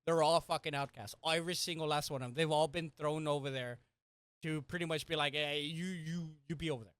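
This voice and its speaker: A woman co-hosting a casual podcast chat, ranting heatedly and swearing often, with loud exasperated outbursts. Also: sits low, steady tone, brisk, dry recording. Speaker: podcast co-host.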